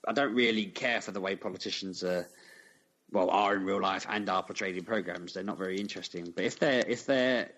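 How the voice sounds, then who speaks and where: A man with a fairly low voice, talking in a relaxed, plain-spoken way on a podcast. He chats freely and laughs easily between his points. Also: a little fast. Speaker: podcast co-host. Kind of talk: casual chat.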